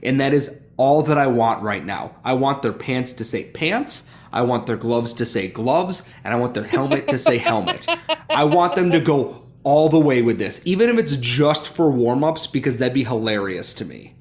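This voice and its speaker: A man's voice: medium pitch, animated, normal speed. A man co-hosting a sports podcast, ranting with exasperated humor in casual chat. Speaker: podcast co-host.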